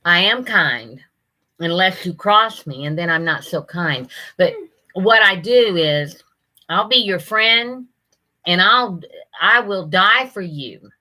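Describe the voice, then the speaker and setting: A woman's voice: lowish voice, animated, slow, pushed and bright. An older woman hosting a casual live stream, chatting with viewers and greeting them by name, often laughing.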